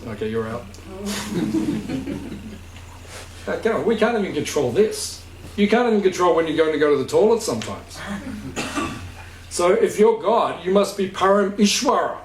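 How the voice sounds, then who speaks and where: A spiritual teacher gives an informal, conversational talk to a gathering, asking questions to check understanding and laughing easily. His voice is high and very animated, at a moderate pace with frequent pauses. The room is echoey, the mic distant, and there's faint hiss.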